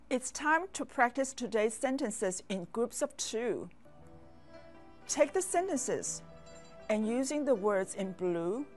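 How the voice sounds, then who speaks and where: A woman with a fairly high voice gives a language lesson at an unhurried pace. She drills words patiently and asks the listener to repeat after her. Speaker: language teacher. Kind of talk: slow, clear classroom instruction.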